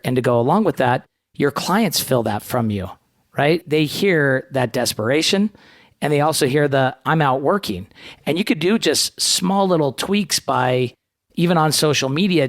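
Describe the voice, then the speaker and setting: A man's voice: mid-range voice, no echo, studio quality. Earnest man podcast host. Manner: earnest, explanatory, tag questions. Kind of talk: podcast conversation.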